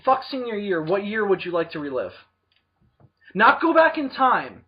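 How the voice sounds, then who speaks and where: A man's voice: high voice, big pitch swings, normal speed, muffled recording. A man co-hosting a casual comedy podcast, swearing freely and tripping over his words. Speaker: podcast co-host.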